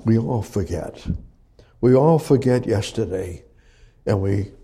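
A man preaching a sermon, reading Bible verses and explaining them slowly, repeating phrases and restarting words, rising for emphasis. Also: on the low side, lively intonation, gravelly, warm tone, breathy edge.

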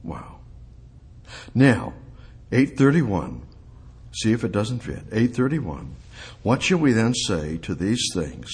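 A male preacher delivering a sermon, asking rhetorical questions and building up to emphatic, high-pitched peaks. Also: big pitch swings, slow pace, pauses often, darkish tone, husky.

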